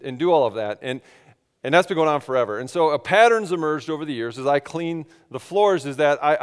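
Man, 30s, pastor; chatty self-deprecating sermon delivery, slightly high voice, long hall reverb. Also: smooth. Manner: conversational storytelling, self-deprecating, many restarts.

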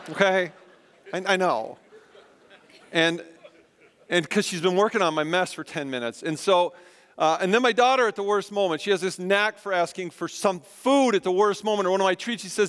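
A high-pitched male pastor in his thirties delivers a sermon with a smooth, resonant voice. He tells a self-deprecating story and animatedly acts out the lines of the people in it. The sound carries a long reverb from the church hall. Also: lively intonation, a little fast, a bit bright. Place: church sanctuary.

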